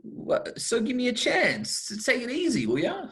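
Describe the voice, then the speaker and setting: A woman's voice: on the high side, wildly swooping pitch, moderate pace, fairly bright tone. A woman reading a placating young husband. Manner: placating, defensive. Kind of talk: cold-read play reading. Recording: roomy echo.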